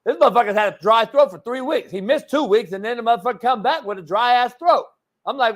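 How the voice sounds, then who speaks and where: A man's voice: very high voice, animated, fast talker, a bit bright. A man hosting a sports talk show, joking and cursing in casual banter, restarting his sentences often. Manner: profane, rambling, joking with stammered restarts. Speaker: show host.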